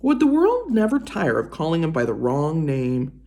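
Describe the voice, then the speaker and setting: Give me a woman reading a storybook aloud with a lively, slightly gravelly voice. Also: sits low, moderate pace. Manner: expressive, varied storytelling. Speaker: reader.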